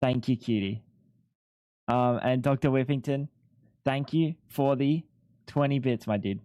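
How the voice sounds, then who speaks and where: Young male streamer, casual and sweary, dry close headset sound, mid-pitched. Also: a little slow, mellow, dry recording. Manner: swears freely, rambling and laid-back. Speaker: live streamer. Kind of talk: casual live-stream chat.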